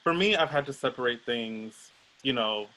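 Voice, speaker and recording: Bright-voiced man talking loosely. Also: medium pitch, normal speed, rough recording. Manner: relaxed, loose, with fillers. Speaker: panel guest. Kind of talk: casual reflective chat.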